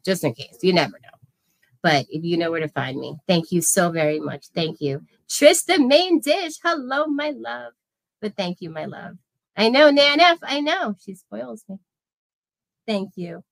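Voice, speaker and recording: A woman's voice: on the low side, creaky, no echo. A woman in her thirties hosting a casual livestream, effusively thanking viewers by name. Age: 30s. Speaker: livestream host.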